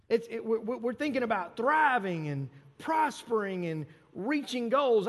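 A man's voice: very high voice, very animated, measured pace, few pauses. A man preaching a sermon as pastor, emphatic, repeating phrases and leaning hard on key words. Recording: long reverb of a large hall.

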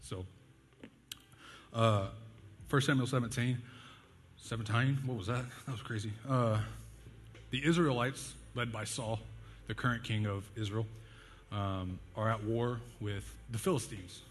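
This young man's sermon is casual and conversational: he tells stories, jokes at his own expense, laughs and relies on fillers. His fairly low voice stays steady, a little slow, with frequent pauses. Faint music sits behind a long hall reverb.

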